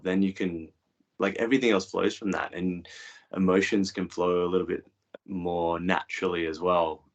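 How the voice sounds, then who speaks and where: A man who works as a men's coach, answering interview questions in a measured, thoughtful way. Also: deep voice. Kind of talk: interview guest.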